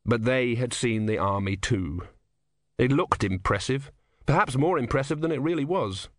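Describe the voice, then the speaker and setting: A man reading a novel aloud as an audiobook narrator, telling the story in a wry, measured way. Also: medium pitch, expressive, no echo, studio quality. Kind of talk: scripted narration.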